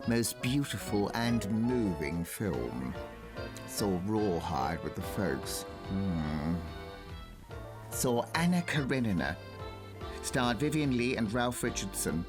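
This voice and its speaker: Man reading clipped terse diary notes, lively ups and downs, music behind. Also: on the low side, takes it slowly. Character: man voicing a fussy diarist's terse entries.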